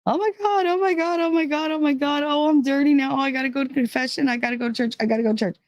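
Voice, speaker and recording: Lady doing a panicky super devout girl, squeaky high and freaking out. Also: fairly even intonation, rapid-fire, dry recording, dull audio, lightly acted. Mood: panicked. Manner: frantic repeating, rising high. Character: devout young woman in a panic.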